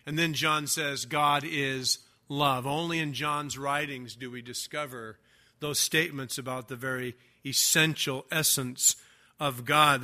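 An older man preaching a sermon, stressing key words slowly and swinging between loud declarations and quiet asides. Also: fairly high pitch. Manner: emphatic preaching, stretching key words, rising and dropping loudness. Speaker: pastor.

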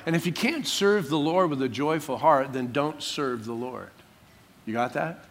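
Older male pastor, lively sermon delivery, higher-than-usual voice, humorous acted quotes. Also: normal speed. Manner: animated, acts out quotes, jokey asides.

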